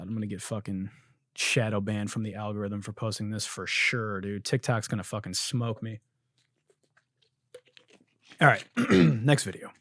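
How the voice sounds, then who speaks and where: A man's voice: fairly low pitch, dry recording, clean studio sound. Profane, riffing young male podcast host. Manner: profane, laughing, animated riffing. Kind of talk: casual comedic commentary on viral videos.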